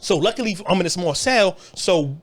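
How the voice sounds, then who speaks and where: A man in his thirties telling a story in a casual, profane way, animated and full of repeats and restarts. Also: sits high, normal speed.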